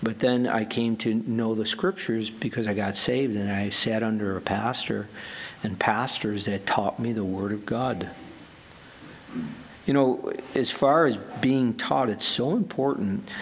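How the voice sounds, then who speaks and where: A man preaching a sermon as pastor, earnest and emphatic, slowing down to stress the scripture he quotes. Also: lowish voice, steady tone, slightly rough.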